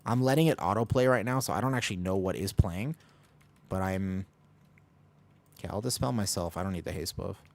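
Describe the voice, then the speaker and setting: An American man casually chats with viewers while streaming a game, rambling and making jokes at his own expense. His deep, gravelly voice has a darkish tone, and he talks briskly but with long pauses, tossing jokey asides to chat.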